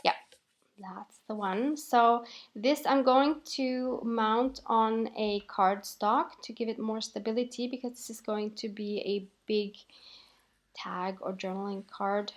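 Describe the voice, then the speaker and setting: A woman calmly narrating a voiceover for her crafting video, explaining each step with light laughs. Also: a little high, slow pace. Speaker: craft channel host.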